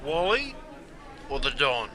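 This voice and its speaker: A man's voice: mid-range voice, very animated, slow pace, bright, forceful tone, some chatter behind. A man with a broad Australian accent explaining sporting slang in a blokey, scripted comic style, calling everyone mate. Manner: blokey, says mate constantly. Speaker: host teaching Australian slang.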